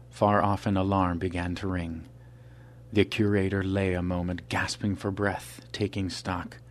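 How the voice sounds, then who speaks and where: A man narrating a thriller audiobook in a measured, suspenseful delivery. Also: sits low.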